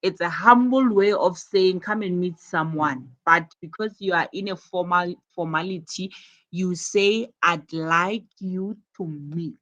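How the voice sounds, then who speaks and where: A woman's voice: lowish voice, unhurried, a bit bright, dull audio. A woman teaching an English lesson, patiently modeling and repeating example phrases.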